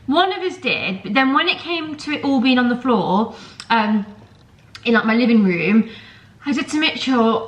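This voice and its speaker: Young woman, slightly high voice, sore throat, chatty vlog, fillers. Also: animated, normal speed, rough recording. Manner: chatty, storytelling, lots of fillers like um and like. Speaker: vlogger. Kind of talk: casual chat to camera. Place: home kitchen.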